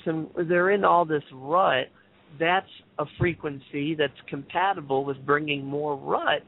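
A man's voice: a little high, a little slow, gravelly. A man hosting a spiritual call-in radio show, chatting in a loose, rambling way full of asides. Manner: rambling, loose, many fillers and musing asides. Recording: tinny phone line.

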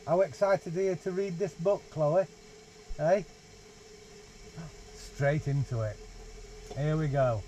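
A young father reads a storybook to his baby, his voice lilting and sing-song. He speaks a touch higher than most men. It was recorded on a camera inside a small caravan, with a faint hiss underneath. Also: slow, pauses often, mellow, poor audio. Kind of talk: reading a picture book aloud to a baby. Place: small holiday caravan, indoors. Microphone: 360 VR camera nearby.

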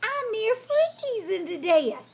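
A woman's voice: sits high, animated, normal speed, vocal fry, background noise. A woman voicing a mean, tricky old male fox in a storybook reading, begging and whining. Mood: pleading. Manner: pleading, whining, groaning.

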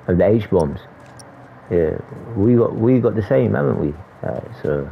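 A man's voice: fairly low pitch, animated, moderate pace, vocal fry, phone-quality sound, a little hiss or hum. A young man from London with a London accent, trash-talking aggressively and swearing on a game voice chat. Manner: aggressive, swearing, repeats "you know what I'm saying". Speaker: gamer on voice chat. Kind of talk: heated trash talk over game chat.

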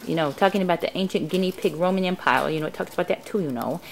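A woman's voice: on the low side, very fast, slight background noise. A woman showing her guinea pigs in a casual home video at home, talking in cooing baby talk to her pets, filmed on a handheld camera. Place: indoors at home.

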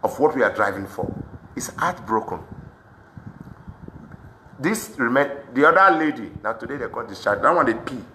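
A man's voice: medium pitch, lively intonation, normal speed, pauses often. Impassioned Nigerian man in Pidgin. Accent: Nigerian Pidgin English. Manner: impassioned, swings to shouting. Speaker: street commentator. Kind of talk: emotional protest vlog. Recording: echoey room with faint background noise.

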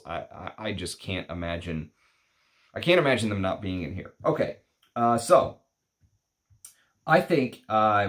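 A man talking through a fragrance review in a casual, rambling way with lots of fillers and asides. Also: low-pitched. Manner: rambling, chatty, many fillers.

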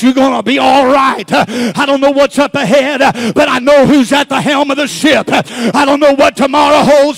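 Preacher guy hollering his sermon, real high voice, gravelly. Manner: shouting, preachy cadence with frequent "uh" fillers. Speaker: pastor.

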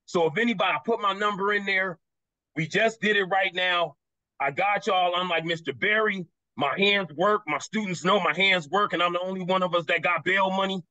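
A man speaking as a panelist on a video call, passionate and quick, repeating words for emphasis. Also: sits high, fairly even intonation, pushed and bright, no room sound, rough recording.

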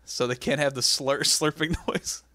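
A young man co-hosting a casual comedy podcast, recapping a wrestling show with animated storytelling and goofy impressions. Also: fairly high pitch, normal speed. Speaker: podcast co-host.

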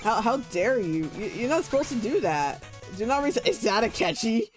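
A man's voice: very high-pitched, sing-song, normal speed, faint music behind. A young man streaming a video game and chatting with his viewers, bubbly and giggly. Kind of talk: casual gaming stream chat.

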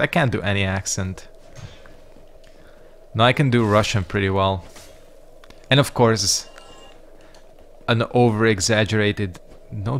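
A man's voice: fairly low pitch, fairly bright tone, a little hiss or hum. A man giving casual let's-play commentary, rambling and reacting to the game with frequent swearing. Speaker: gaming YouTuber.

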